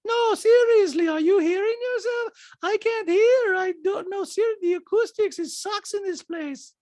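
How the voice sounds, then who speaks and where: A man voicing a haughty woman from a reality show in a high, drawn-out falsetto for a comedy recap podcast. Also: darkish tone, dry recording, studio quality. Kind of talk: comic impression in a recap podcast.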